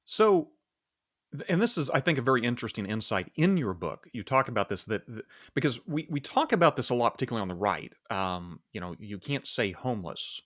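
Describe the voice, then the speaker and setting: A man's voice: medium pitch, big pitch swings, fairly quick, fairly bright tone. A man from Oklahoma hosting a podcast, talking casually and searching for his words. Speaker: podcast host. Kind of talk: casual interview talk.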